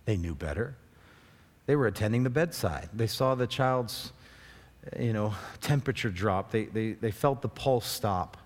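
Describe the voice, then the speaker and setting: A middle-aged man preaching a sermon as pastor, animated, moving between soft tender passages and loud urging calls. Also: fairly low pitch, measured pace. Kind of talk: expository sermon. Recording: long reverb of a large hall.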